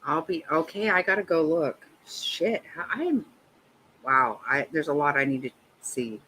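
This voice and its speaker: A woman's voice: low voice, unhurried, pushed and bright, slight background noise, rough recording. A woman in her fifties hosting a livestream, chatting casually with viewers and giving blunt, profane reactions to a trial. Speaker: livestream host.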